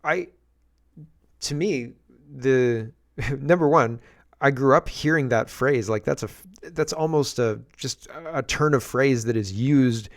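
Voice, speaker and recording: A man's voice: mid-range voice, a little slow. A man hosting casual political commentary, sarcastic and exasperated, rambling through asides as he reacts to clips. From England.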